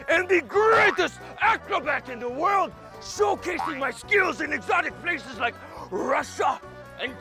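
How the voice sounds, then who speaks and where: A man's voice: sharp tone, exaggerated voice. A man playing a boastful male circus acrobat who announces himself in grand showman style. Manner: grandiose, booming announcer delivery.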